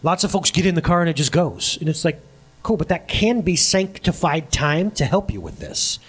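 A middle-aged man preaching a sermon as a pastor. He talks in an animated way, laughs often and acts out the voices of people he quotes. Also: fairly high pitch, moderate pace, breathy edge.

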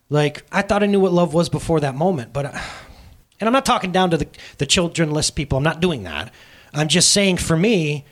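A man in his thirties preaching a sermon as pastor, telling a story in a casual, animated way. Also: fairly high pitch.

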